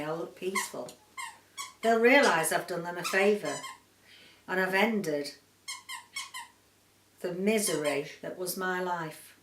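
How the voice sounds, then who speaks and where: A woman book vlogger from the UK reading a short story aloud in a quiet, measured, subdued way. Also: on the low side, far from the mic, background noise. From United Kingdom. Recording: roomy echo, voice set back from the mic.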